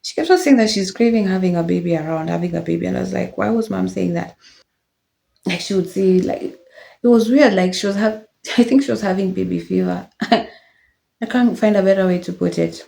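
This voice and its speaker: A woman's voice: medium pitch, brisk, creaky. A young woman, candidly telling her own life story in a reflective, casual way. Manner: reflective, candid, with soft laughs and fillers. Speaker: vlogger sharing personal testimony.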